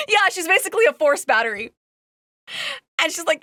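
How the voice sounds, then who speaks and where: Bright high-voiced woman chatting. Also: big pitch swings, a little fast, long pauses, no room sound, studio quality. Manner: rambling, filler-heavy storytelling; laughs as she talks. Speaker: streamer. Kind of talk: casual chat.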